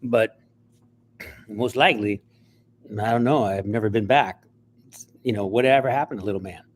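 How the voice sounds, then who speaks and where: A male writer and actor telling stories in an interview, animated and acting out bits along the way. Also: lowish voice, moderate pace, slight background noise. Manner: animated, acts out voices, frequent restarts. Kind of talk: interview storytelling.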